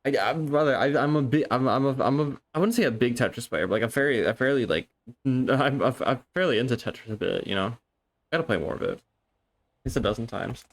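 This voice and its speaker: A young man chatting casually on a live stream, excitable and rambling, swearing often and restarting his sentences. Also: mid-range voice, fast.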